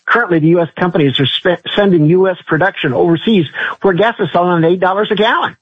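A man phones in to a talk radio show, urgent and insistent. His husky, fairly high voice rushes along. The phone line is dull and muffled. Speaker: caller.

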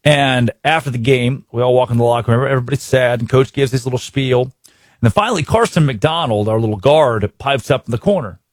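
A man hosting a sports talk show, giving excitable commentary in bursts full of repeats and restarts. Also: medium pitch, fairly quick, no room sound, clean studio sound.

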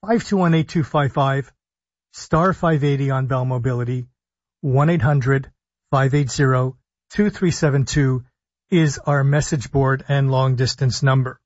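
A man, a physician hosting a call-in radio health talk show, speaking deliberately and stressing his points as he lists things one by one. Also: mid-range voice, no echo. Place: radio studio. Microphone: studio broadcast mic. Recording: dull lo-fi radio sound.

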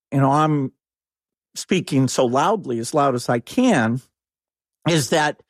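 A man with a slightly higher-than-usual voice speaks as an interview guest, emphatic and alarmed. His delivery is insistent and openly incredulous. The sound is dry and close, with no room echo. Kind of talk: interview conversation.

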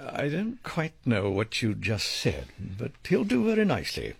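Playing a commanding ringleader who plans a sting, an actor uses a full character voice of medium pitch that swoops wildly, unhurried, creaky and husky. The delivery is clipped, bossy and formal, dry and precise, with no echo.

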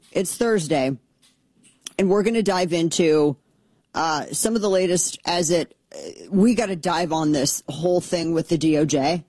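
Middle-aged lady talk radio host ranting, lowish voice, sarcastic and blunt, dry studio mic. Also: darkish tone, no echo. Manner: fired-up, sarcastic, blunt, mocking voices of opponents. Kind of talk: opinionated political talk radio monologue.

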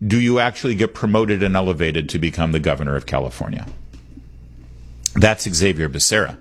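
A middle-aged man with a low voice hosts a political call-in radio show. He talks in an animated, wandering way and leans hard on his points. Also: a little fast. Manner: animated, digressive, emphatic. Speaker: radio talk show host. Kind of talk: political talk radio monologue.

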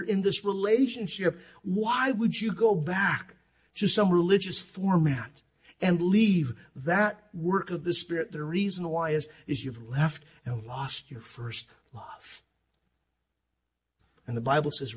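An older man pastor preaching an impassioned sermon. He swings between loud declarations and quiet asides and acts out stories. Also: a little high, normal speed, breathy edge. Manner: impassioned, rising and dropping sharply in volume, acts out stories.

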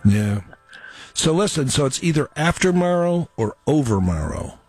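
A man's voice: a little high, sing-song, normal speed, darkish tone, soft background music. A male radio host, chatting with callers and reading ads in a jokey way. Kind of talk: radio call-in and ad reads.

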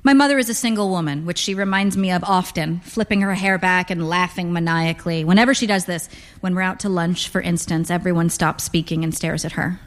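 A woman narrating first-person literary fiction in a dry, deadpan manner. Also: fairly low pitch, brisk. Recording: long reverb.

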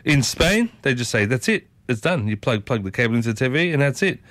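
A man's voice: medium pitch, sing-song, brisk, a bit bright, dry recording. An Australian man hosting a community radio show, talking in a chatty, enthusiastic way with his voice swooping upward. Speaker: radio host.

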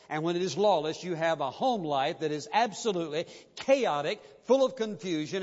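A pastor with a notably high voice preaches insistently and emphatically, driving his points home through repeated phrases. His words echo through a church sanctuary with a long reverb tail, though the recording is dull and muffled.

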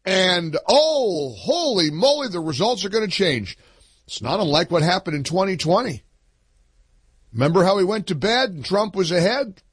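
A man delivering a sarcastic, animated political opinion monologue as the host. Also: high voice, normal speed, breathy edge, no echo. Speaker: political commentator.

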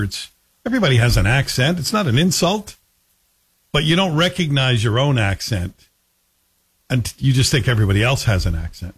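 A man from Scotland hosting a radio talk show, chatting in a lively, storytelling way. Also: mid-range voice, moderate pace, long pauses, breathy edge.

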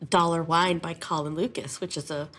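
A lively woman who teaches music, chatting in an interview with plenty of feeling. Her voice sits a little low for a woman. She talks in an animated, chatty way. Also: moderate pace, background noise. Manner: animated, chatty, emotional storytelling. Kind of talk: conversational interview.

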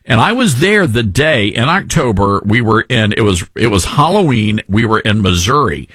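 A man hosting a casual political talk show, conversational and quick to joke. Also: fairly low pitch, very animated, a bit bright, husky, no room sound, studio quality. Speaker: host.

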